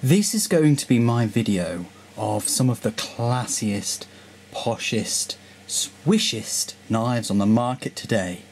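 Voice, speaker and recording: Pompous posh presenter, slow and drawn out, plummy airs, a man hamming it up in a vlog. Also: medium pitch, lively intonation, darkish tone, a little hiss or hum. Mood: grandly welcoming. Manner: slow, exaggerated upper-class delivery.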